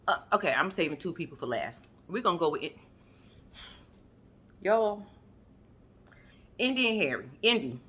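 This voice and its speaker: Animated woman doing a profane show recap. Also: fairly low pitch, moderate pace, pauses often, breathy edge. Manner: animated, profane, acts out quotes, laughs often. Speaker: reality TV recap vlogger. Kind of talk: casual reality show recap.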